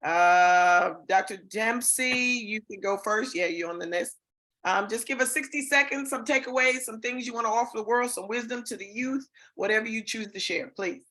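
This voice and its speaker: A woman's voice: a little high, normal speed, a bit bright. Enthusiastic woman hosting on a video call. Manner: enthusiastic, with many fillers. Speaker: host. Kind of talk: hosting an online awards show.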